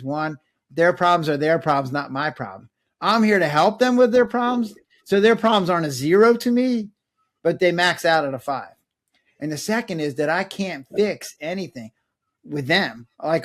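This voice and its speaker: A middle-aged man, a former doctor, talking casually in an interview and acting out quick bits of dialogue. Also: on the high side. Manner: animated, acts out patients' and his own lines in voices. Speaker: guest, former physician.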